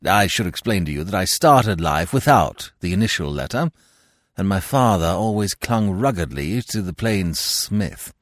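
A man doing a languid, monocled young gentleman, wordy and mock-solemn. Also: sits low, lively intonation, moderate pace, dry recording, clean studio sound. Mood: urbane. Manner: florid, courteous, mock-solemn phrasing.

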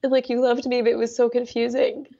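Gravelly woman pouring out raw emotion. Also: a little high, flat delivery, dark tone, highs cut off. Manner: halting, raw, emotional outpouring. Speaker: therapy client. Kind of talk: emotional therapy session.

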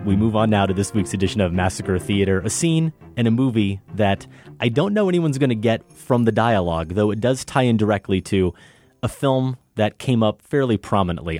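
A man's voice: fairly low pitch, a little mellow, no echo. A man hosting a film podcast in a playful, teasing chat with his co-host. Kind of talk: casual chat.

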